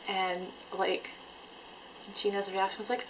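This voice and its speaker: A woman recounts a fan event in a casual vlog. She is excitable and chatty, with her sentences packed with "like" and breathless detours. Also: medium pitch, quick pace, background noise. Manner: excitable, chatty, many "like" fillers.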